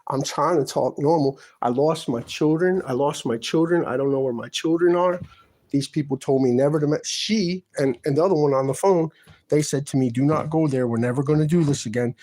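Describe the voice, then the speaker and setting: Husky man, aggrieved and insistent. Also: fairly high pitch, moderate pace, a little mellow. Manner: aggrieved, insistent, repeats himself. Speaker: tenant filming his apartment. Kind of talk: agitated self-filmed complaint. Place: his apartment, indoors.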